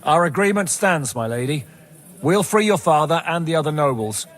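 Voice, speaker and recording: A commanding mercenary captain. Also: male voice, on the high side, animated, a bit bright. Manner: brisk, giving orders.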